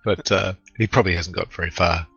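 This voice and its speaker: Deep gravelly man, slow and halting. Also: steady tone, fairly bright tone, dry recording. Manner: halting, many fillers. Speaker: player. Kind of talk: casual tabletop play. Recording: dull lo-fi recording.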